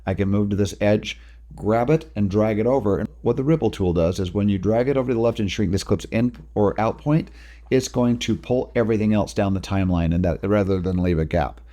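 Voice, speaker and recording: A man talking through video editing steps in a casual software tutorial, explaining each click as he goes. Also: fairly low pitch, fairly quick. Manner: casual, talks through each step while working. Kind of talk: screen-recorded software tutorial.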